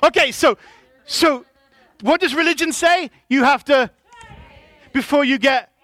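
High, bright-voiced preacher man. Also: a little slow. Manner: preaching with call-and-response to the congregation; builds to loud emphatic shouts. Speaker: pastor. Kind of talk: sermon. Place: church.

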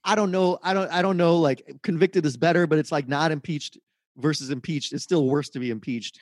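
A man's voice: on the high side, fairly even intonation, brisk, no room sound, clean studio sound. A man co-hosting a podcast, insistently arguing his point in a heated casual debate, repeating himself. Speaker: podcast co-host.

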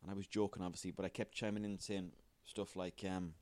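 A man's voice: deep voice, flat delivery, fairly quick, darkish tone, no room sound. A man hosting a solo comedy podcast, sweary, rambling and self-mocking. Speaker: podcast host.

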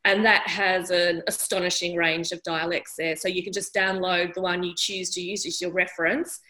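A woman who produces audiobooks, explaining her studio's work in a panel discussion and pausing often on "um". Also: on the low side, level tone, pushed and bright, poor audio. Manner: friendly, explanatory, many ums.

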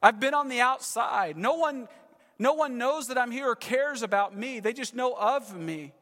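A man's voice: very high voice, lively intonation, moderate pace, fairly bright tone, long reverb tail, voice pushed up. A man preacher voicing a tormented possessed man who pleads urgently to be freed. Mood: desperate pleading. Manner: urgent, raised and strained pleading.

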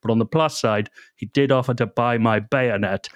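A weary dog owner confesses in a lowered, flat, mock-earnest voice, as a man puts him on. He rattles through the lines in deadpan fashion. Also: moderate pace, lightly acted.

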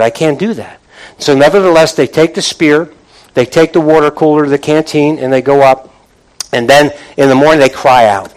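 Poor audio carries this sermon from a man whose pitch runs fairly high and whose pace is moderate. The pastor retells scripture in a relaxed, chatty way, frequently starting phrases over and asking the congregation to answer back.

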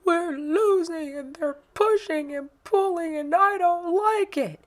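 Crying seven-year-old boy, high and breathless, upset, played by a woman. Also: takes it slowly. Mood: tearful, upset.

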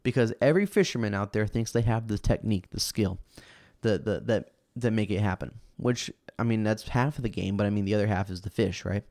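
A man's voice: on the low side, fairly quick, darkish tone, no room sound, studio quality. A young man hosting a podcast alone, telling rambling, self-amused stories full of fillers and restarts. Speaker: podcast host. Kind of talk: casual solo storytelling.

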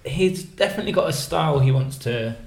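A man co-hosting a football podcast, calmly breaking down a match in a casual, measured way. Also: fairly high pitch, creaky, a crowd in the background. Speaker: podcast co-host. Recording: echoey room.

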